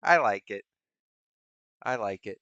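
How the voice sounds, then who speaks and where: A man's voice: medium pitch, normal speed, sharp tone, clear, resonant tone, dry recording, muffled recording. A man hosting a stream in casual, rambling chat, musing aloud in a playful way. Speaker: streamer host.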